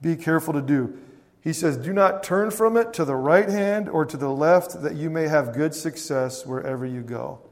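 A man's voice: fairly high pitch, normal speed, a little mellow. Preaching man in a reverberant hall. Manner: preaching with frequent "Amen?" call-outs to the congregation. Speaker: pastor. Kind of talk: sermon.

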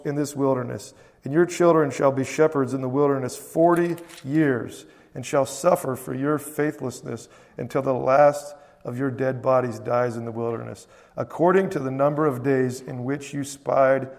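A man preaching a sermon as a pastor, conversational and emphatic, swinging between loud and soft. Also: mid-range voice, big-room sound. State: choked up with emotion.

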